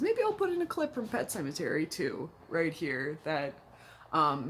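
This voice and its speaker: A young woman vlogging from home while hungover, chatting candidly and laughing often as she tells a story into the camera. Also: low voice. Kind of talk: casual confessional vlog.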